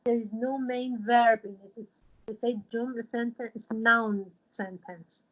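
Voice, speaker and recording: A woman, teaching a religious studies class over a video call and explaining patiently in a halting way, full of fillers. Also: a little high, fairly even intonation, a bit bright, lo-fi sound.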